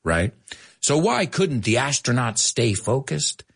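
A man teaching English on a live stream, playful and animated, often laughing at his own jokes. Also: medium pitch, takes it slowly, gravelly, husky. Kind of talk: casual live-stream language lesson.

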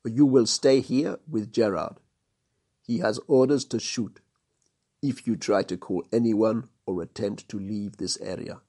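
This is a crooked police inspector in a storybook, as a man reads him, cold and menacing. He speaks low and clipped with a husky edge, issuing orders without raising his voice. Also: measured pace, dark tone.

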